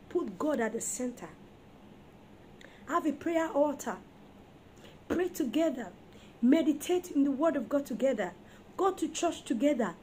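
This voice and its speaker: A woman's voice: a little high, normal speed, a little mellow, a little hiss or hum. A woman preaching an emphatic sermon on marriage, firing rhetorical questions at her listeners.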